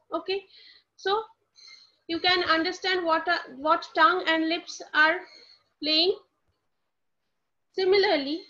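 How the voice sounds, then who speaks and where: A woman's voice: very high voice, bright, forceful tone. A woman teaching a lecture to students, posing questions and answering them herself, and spelling words out letter by letter. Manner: explanatory, asks and answers her own questions. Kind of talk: lecture explaining phonetics to students. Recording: dull lo-fi recording.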